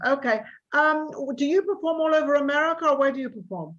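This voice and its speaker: A woman hosting an interview talk show, effusive and complimentary, asking halting questions. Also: high-pitched, a bit bright, highs cut off.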